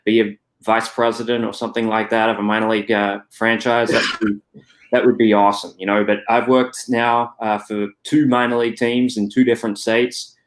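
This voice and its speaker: A young Australian man answering interview questions in a casual, hesitant way, full of fillers and restarts. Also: lowish voice. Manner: hesitant, many "you know" fillers and restarts. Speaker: guest.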